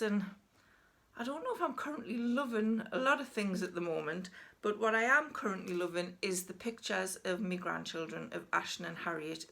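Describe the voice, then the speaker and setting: A woman's voice: lowish voice, creaky, fairly bright tone. A Geordie woman in her sixties, chatting casually and frankly to camera in a rambling, self-deprecating way. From North East England. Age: 60s. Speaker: vlogger.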